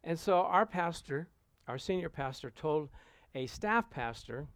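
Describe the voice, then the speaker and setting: Guy preaching, tells a story and plays the voices, fairly high voice, dry sound. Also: a little slow, clean tone, dry recording. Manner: lively anecdotal, acts out quoted voices. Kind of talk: storytelling sermon to a congregation.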